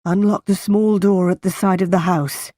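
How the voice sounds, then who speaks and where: A woman voicing a firm, calm middle-aged gentleman in a slowly read storybook. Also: medium pitch, no echo, clean studio sound, lightly acted. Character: brooding gentleman of the house, man, middle-aged.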